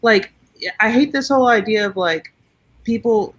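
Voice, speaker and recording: A woman's voice: a little high, normal speed. A woman speaking casually on a panel over a video call, rambling with lots of fillers. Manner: rambling, many "like"s and restarts.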